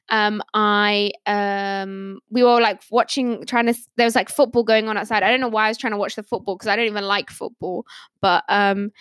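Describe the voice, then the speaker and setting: A woman's voice: medium pitch, a bit bright, no room sound, studio quality. A young woman on a podcast panel, casually telling stories and laughing often as she talks. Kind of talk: casual storytelling.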